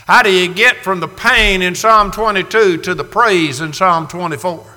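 A man in his sixties preaching a dramatic sermon, moving from hushed, slow passages to loud cries. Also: high-pitched. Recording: reverberant hall.

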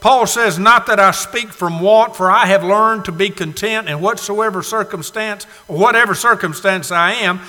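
Man preaching in a reverberant hall. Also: sits high. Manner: preaching with dramatic swings from hushed to shouted; drawn-out emphatic words, rhetorical questions. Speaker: pastor. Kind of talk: sermon. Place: church sanctuary. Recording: long reverb of a church hall.

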